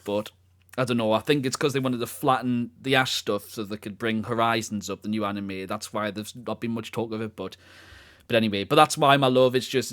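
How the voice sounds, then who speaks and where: A man's voice: lowish voice, a bit bright. A young man, co-hosting a podcast, telling a personal story in a rambling, heartfelt way. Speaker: podcast co-host. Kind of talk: casual podcast chat.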